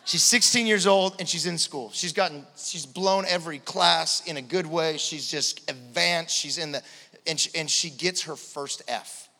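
A man in his thirties preaching a sermon, telling stories with animated swings from hushed to loud. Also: fairly high pitch, normal speed. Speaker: pastor. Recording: long hall reverb.

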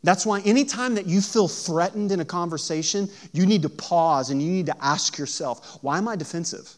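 Pastor preaching, somewhat high voice. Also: male voice, moderate pace. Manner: swings from hushed storytelling to loud emphatic preaching; asks the audience questions. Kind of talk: sermon.

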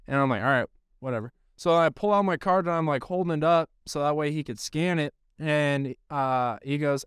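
A man's voice: fairly high pitch, moderate pace, clear, resonant tone, no echo, studio quality. A man hosting a podcast, telling a casual story in a rambling, profane way with lots of filler words. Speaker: podcast host.

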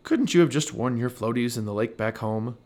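A man's voice: mid-range voice, expressive, fairly quick, a little mellow, close to an everyday voice. A man voicing a sensible, fussy female squirrel in a read-aloud storybook, dry and scolding. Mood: grumpy.

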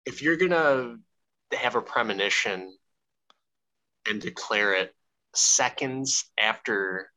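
A man's voice: medium pitch, slow pace, long pauses, bright, forceful tone, poor audio. A man co-hosting a podcast, chatting casually in a rambling, profane way with many restarts. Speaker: podcast co-host. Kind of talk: casual chat.

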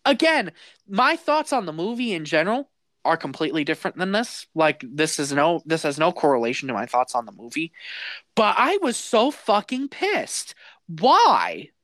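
Animated, swearing man telling a story. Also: fairly high pitch, normal speed, no room sound. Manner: animated, swearing storyteller who laughs through his story. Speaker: podcast co-host. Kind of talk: casual podcast chat.

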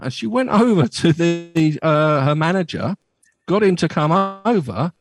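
A man's voice: fairly high pitch, expressive, a little slow, music in the background. A middle-aged man from Bristol, hosting a casual radio chat and telling rambling stories with many restarts. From Bristol, England. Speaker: radio show host. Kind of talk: casual chat on a remote call.

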